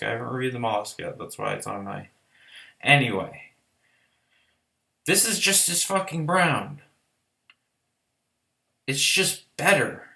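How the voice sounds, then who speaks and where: A man's voice: mid-range voice, bright, forceful tone. A man giving a casual, rambling, profane and enthusiastic album review in a vlog. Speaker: music reviewer.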